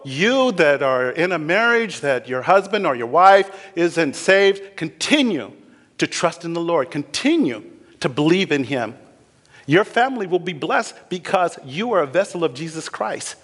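A man preaching a sermon as pastor, animated, acting out scripture figures with laughter. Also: a little high, measured pace, big-room sound.

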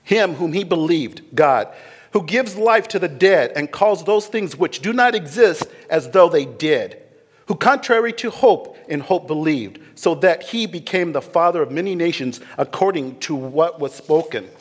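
A man preaching a sermon as pastor, animated, acting out scripture figures with laughter. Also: fairly high pitch, measured pace, breathy edge, long reverb tail.

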